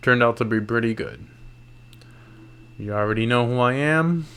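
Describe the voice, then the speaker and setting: A man's voice: medium pitch, normal speed, a bit bright, smooth. A tired man recapping MMA fights late at night in loose, slangy casual talk, yawning and restarting his sentences. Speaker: MMA YouTuber.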